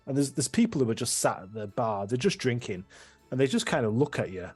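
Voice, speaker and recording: A man with a husky voice runs a tabletop game as game master, describing scenes in a rambling, hesitant way. Faint music plays behind him. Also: mid-range voice, very animated, a little fast, darkish tone.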